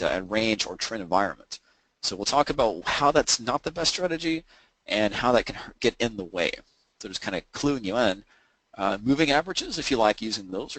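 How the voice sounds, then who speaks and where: A trading coach presenting a webinar explains things to traders step by step in a conversational way, with frequent fillers and restarts. His voice is mid-range and a bit bright, and the rough recording has no echo.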